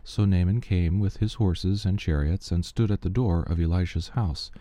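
A man reading scripture aloud at a measured, steady pace. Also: deep voice, no room sound.

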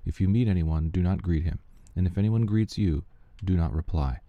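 A man giving a steady, measured reading of Bible passages aloud, with the odd slip he corrects. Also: low-pitched, no echo, highs cut off. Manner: steady, measured reading with small slips and restarts. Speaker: scripture reader.

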